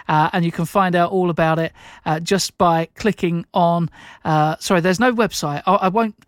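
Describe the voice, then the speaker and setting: A man's voice: high voice, steady tone, normal speed, no echo, clean studio sound. A man presenting local radio in a chatty, informal way, with filler sounds and self-corrections. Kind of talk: local radio links between songs. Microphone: studio microphone.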